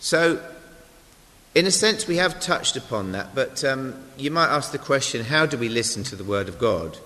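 Male lay preacher, mid-pitched voice, conversational sermon, long hall reverb. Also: lively intonation, moderate pace, sharp tone. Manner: chatty, self-deprecating, with asides to the congregation. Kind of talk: informal sermon.

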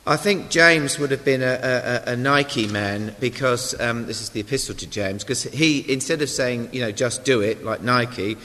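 A man's voice: medium pitch, normal speed, hardly any pauses, pushed and bright, slight background noise. A man giving an informal sermon, chatty and self-deprecating, with asides to the congregation. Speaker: lay preacher. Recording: long hall reverb.

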